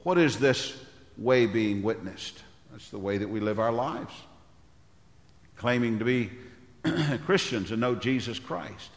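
An older man preaching a sermon as pastor, with a big, loud voice, often clearing his throat. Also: mid-range voice, slow pace, reverberant, in a large hall.

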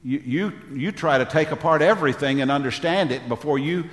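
A man's voice: a little high, fairly quick. A male pastor preaching a sermon in a church, building his points through emphatic repeated phrases and calling on the congregation for amens. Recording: long hall reverb.

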